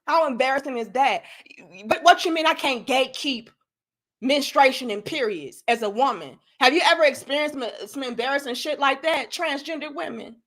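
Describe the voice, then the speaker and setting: Young woman, high-pitched, bright voice, blunt and profane live-stream rant. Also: animated, normal speed. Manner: blunt, profane, emphatic, addresses viewers directly.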